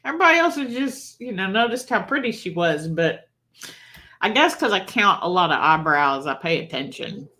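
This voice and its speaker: A woman's voice: medium pitch, big pitch swings, moderate pace, pushed and bright. Lady chatting on her live stream, rambly stories, laughs a lot. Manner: rambling, chatty storyteller who laughs often. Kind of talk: casual chat.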